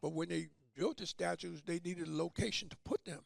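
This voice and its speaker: A man's voice: fairly high pitch, brisk, gravelly, no room sound. An older man telling stories as an interview guest, acting out the voices of the people he quotes. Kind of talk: storytelling in conversation.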